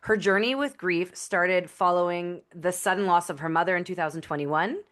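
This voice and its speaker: A woman's voice: on the low side, moderate pace, a bit bright. A woman with a Canadian accent hosting a podcast, chatty and friendly as she guides the conversation with questions. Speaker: podcast host. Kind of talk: casual interview hosting.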